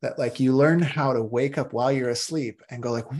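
A male meditation teacher giving a casual class talk, acting out inner voices with sudden jumps into a high, excited tone. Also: normal speed, hardly any pauses.

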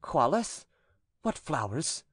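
A man's voice: fairly high pitch, very animated, slow pace, a bit bright, slightly rough, dry recording, clean studio sound, pitched above the performer's own voice, full character voice. A male narrator voicing a stern priest-exorcist who puts formal, commanding questions to a demon.

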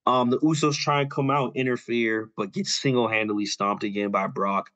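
A young man casually retelling a story on a podcast, loose and filler-heavy, dropping quick quoted lines as he goes. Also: mid-range voice, fairly even intonation, a bit bright. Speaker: podcast co-host. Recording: dull lo-fi audio.

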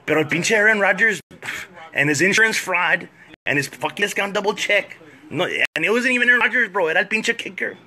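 A man ranting profanely as a comedian, switching fast between English and Spanish. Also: sits high, lively intonation, bright, forceful tone. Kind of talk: comedic rant to camera.

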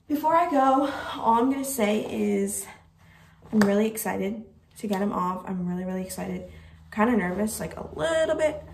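A woman's voice: medium pitch, a little mellow, reverberant, a little hiss or hum, rough recording. A teenage girl vlogging casually, giddy and nervous, saying "like" a lot and sometimes dropping into whispers. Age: teens. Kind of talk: casual vlog talk to camera.

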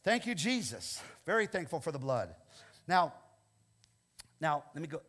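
An older man preaching a sermon as pastor, animated and often checking in with "okay?". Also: on the high side, normal speed. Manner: animated, repeats "okay?" often, laughs between lines.

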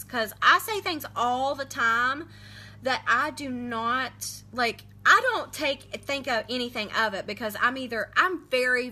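A woman's voice: fairly high pitch, bright, forceful tone. A middle-aged woman, chatting casually and emotionally to viewers on a livestream. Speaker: livestream host selling lip products.

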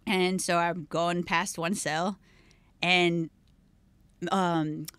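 Woman guest on a podcast, chatting and telling a story, very animated, does little voices, dry close mic. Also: fairly low pitch, drawn-out words, clean tone, dry recording. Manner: animated, acts out quoted voices. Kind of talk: casual storytelling chat. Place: podcast studio.

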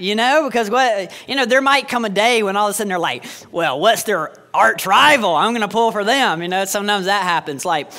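A man's voice: high voice, pushed and bright. A man in his thirties, a pastor preaching a sermon with joking asides and sarcastic humor.

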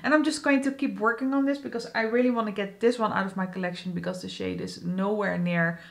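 A woman's voice: mid-range voice, animated, fast. A young woman vlogging about her makeup, chatty and self-deprecating, often laughing and restarting her sentences. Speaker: beauty vlogger. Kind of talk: casual chat.

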